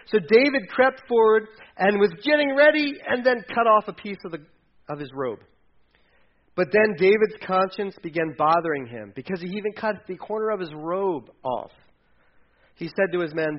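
Fairly high-voiced pastor preaching, lo-fi. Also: male voice, animated, moderate pace. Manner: casual storytelling with acted voices for characters. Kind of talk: sermon.

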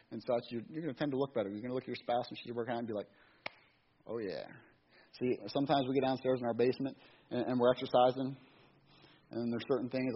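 A man's voice: medium pitch, slightly rough. A middle-aged man giving a casual, rambling sermon, restarting and repeating words in a folksy way, on a dull lo-fi recording with faint hiss. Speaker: church speaker.

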